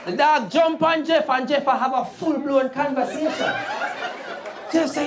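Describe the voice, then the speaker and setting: A Jamaican woman with a high voice telling stand-up stories in patois. A live audience laughs loudly around her, and her storytelling stays lively throughout. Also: unhurried, crowd noise, background noise. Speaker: stand-up comedian. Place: comedy stage.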